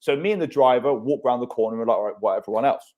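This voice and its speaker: Man, thirties, podcast host, lively storytelling, swears. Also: medium pitch, very fast, dull audio. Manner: animated storyteller, swears freely. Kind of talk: casual podcast chat.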